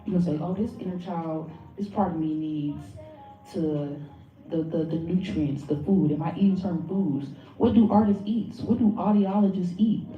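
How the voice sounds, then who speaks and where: A woman giving a blunt, animated workshop talk to a live audience, swearing freely and speaking straight to the crowd. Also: lowish voice, normal speed. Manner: blunt, profane and animated, addresses the audience directly. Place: lecture room with an audience. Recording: phone-like audio from far in an echoey room.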